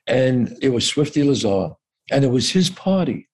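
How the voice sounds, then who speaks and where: A man's voice: mid-range voice, normal speed, breathy edge. A man telling a story from his life in casual conversation, acting out the people in it and swearing freely. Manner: animated, profane, acts out quoted voices. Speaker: guest actor.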